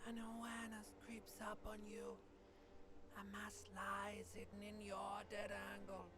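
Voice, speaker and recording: A woman's voice: mid-range voice, monotone, measured pace, natural voice. An actress voicing a needling female inner emotional voice, whispering in a teasing, insinuating way in a video game. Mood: ominous. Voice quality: breathy whisper. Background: game music.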